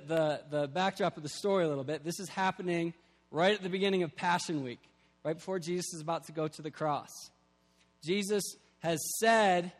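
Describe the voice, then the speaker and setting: A young man preaching a sermon, earnest and building to emphatic peaks. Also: a little high. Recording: long hall reverb.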